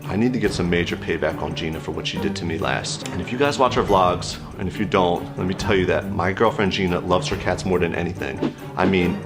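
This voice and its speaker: A young man in casual vlog narration, chatty and mischievous as he sets up a prank on his girlfriend. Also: low voice. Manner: chatty, mischievous, speaks straight to camera. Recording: music playing underneath.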